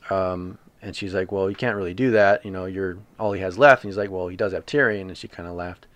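A man's voice: sits low, fairly even intonation, fast talker, fairly bright tone, dry recording. A man casually recapping a TV episode, paraphrasing scenes with lots of ums and you knows. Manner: retells scenes with loose paraphrased quotes and many fillers. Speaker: podcast co-host recapping a TV episode. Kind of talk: casual chat.

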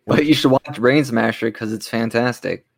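A man's voice: mid-range voice, moderate pace, vocal fry, no room sound. A man co-hosting a podcast in casual chat, giving blunt, opinionated takes. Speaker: podcast co-host.

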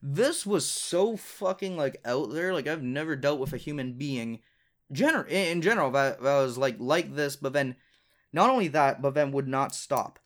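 A young man hosts his own podcast, spinning a long personal story in a loose, rambling way. He swears freely and leans on filler words, and his voice sits at an ordinary middle pitch for a man. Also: lively intonation, normal speed. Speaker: podcast host.

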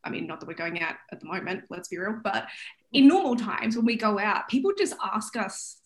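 A woman's voice: mid-range voice, expressive, a little fast. A woman with an Australian accent, a guest author on a podcast, chatty and self-deprecating. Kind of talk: casual podcast interview.

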